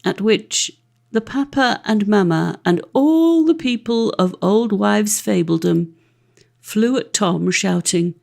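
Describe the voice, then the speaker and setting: Woman reading an old fairy tale audiobook, bit of gravel in her voice, lively delivery. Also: mid-range voice, takes it slowly. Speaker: audiobook narrator. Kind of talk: storybook narration.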